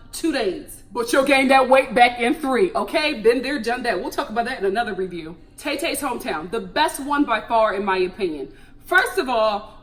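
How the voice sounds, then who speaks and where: Animated chatty woman with swooping pitch. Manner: animated, laughing, swoops high for emphasis. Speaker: TV recap vlogger. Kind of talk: casual chatty TV recap.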